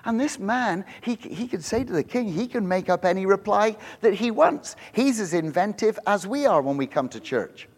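A middle-aged male pastor preaching a sermon in church, telling the story with lively acted-out quotes and frequent restarts. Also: high-pitched, normal speed, few pauses, husky. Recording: long hall reverb.

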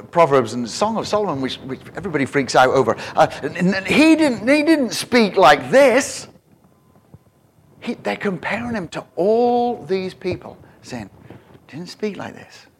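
A man preaching a sermon in an animated way, often repeating and restarting words as he builds to emphatic questions. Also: medium pitch, a little hiss or hum.

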